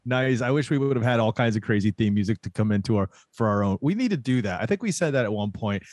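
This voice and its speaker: A man's voice: lowish voice, lively intonation, fast, darkish tone, no echo, clean studio sound. A man co-hosting a casual wrestling podcast, talking loosely with restarts and fillers. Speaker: podcast co-host.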